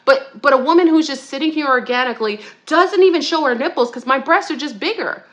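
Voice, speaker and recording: Woman host, rant delivery, higher voice with a bright, forceful edge, rambling and fired up. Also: fairly quick. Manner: heated, rambling rant with repeated restarts; swings into high-pitched outbursts and laughs. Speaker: podcast co-host. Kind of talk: ranting monologue.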